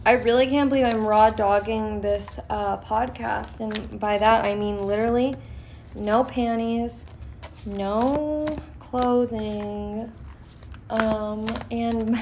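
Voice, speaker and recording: A woman's voice: a little high, creaky, darkish tone, a little hiss or hum. A young woman giving a casual tarot reading on her podcast, talking in a blunt, profane and encouraging way. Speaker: tarot reader.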